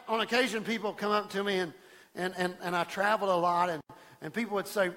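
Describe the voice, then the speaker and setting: A man pastor preaching a sermon in church, animated, stumbling over restarts and acting out the voices of people he quotes. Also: high voice, fairly quick, big-room sound. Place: church sanctuary.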